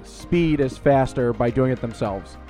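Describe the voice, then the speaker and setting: A man's voice: mid-range voice, a little slow, over loud music. A man co-hosting a casual podcast, arguing his points and explaining at length. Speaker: podcast co-host. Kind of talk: casual chat.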